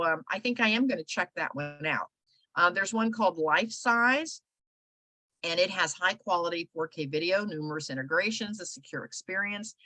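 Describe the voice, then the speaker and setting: A woman's voice: lowish voice, a bit bright, no echo. A middle-aged woman teaching casually on a video call, chatty and loose, with many fillers and restarts. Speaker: host presenting online event platforms.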